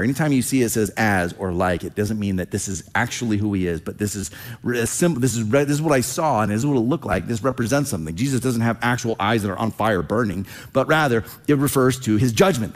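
A male pastor preaching with a mid-range voice. He talks in a conversational, animated way and acts out quoted lines as he explains the text. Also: mid-range voice. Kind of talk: sermon teaching.

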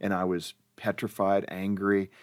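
A man hosting a conversational interview, an animated storyteller who laughs often. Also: deep voice, normal speed, no room sound. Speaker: radio show host.

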